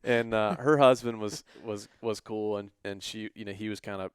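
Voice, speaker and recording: A man's voice: on the low side, moderate pace, smooth, no echo, studio quality. A man, co-hosting a podcast, telling a story in a casual way and acting out the people he quotes. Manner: animated, acts out quoted voices. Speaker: podcast co-host.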